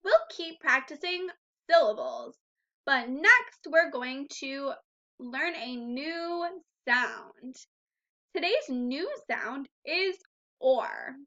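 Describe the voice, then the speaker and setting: Slow, bright-voiced woman teaching phonics. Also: sits high, lively intonation, dull audio. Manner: slow, clear, encouraging teacher talk with drawn-out sounds. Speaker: first grade teacher. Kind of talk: phonics lesson for young children.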